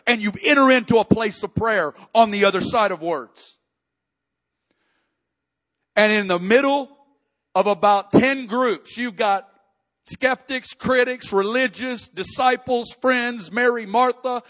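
Male pastor, high-pitched voice, impassioned sermon delivery that swells into shouts. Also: unhurried. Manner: impassioned preaching, rising to shouts in emotional passages.

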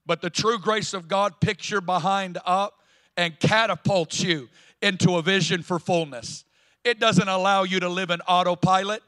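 Male Southern US pastor, sermon in a church; high, bright, punchy delivery that swells into loud declarations. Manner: emphatic preaching, building to loud declarations. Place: church sanctuary.

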